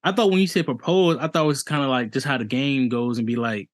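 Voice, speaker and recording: A man's voice: medium pitch, fast, hardly any pauses. A man co-hosting a podcast in casual chat, listening closely and asking curious follow-up questions. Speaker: podcast co-host.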